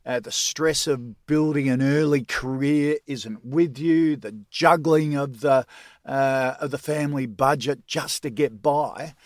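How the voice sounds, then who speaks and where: A man's voice: mid-range voice, a little slow, dry recording, studio quality. Hearty older Australian man. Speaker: guest panelist. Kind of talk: casual panel chat.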